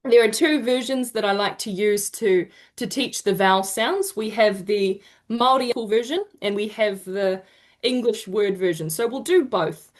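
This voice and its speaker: New woman, online workshop presenter, warm praise, slow drawn-out demo sounds, video-call audio. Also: mid-range voice. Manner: encouraging, drawn-out demonstration sounds. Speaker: te reo Māori workshop presenter. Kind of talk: online teaching session.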